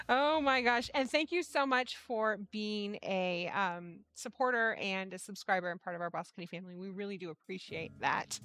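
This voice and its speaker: Her mid-range voice comes across pushed and bright as this livestream host, who owns a yarn shop, keeps things casual and talkative, breaking into laughter often and swearing offhandedly.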